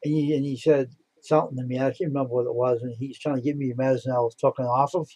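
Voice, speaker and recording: A man's voice: medium pitch, fairly even intonation, racing, mellow, no room sound. A man chatting casually on a live stream. He tells blunt, rambling stories and repeats himself. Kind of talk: casual chat.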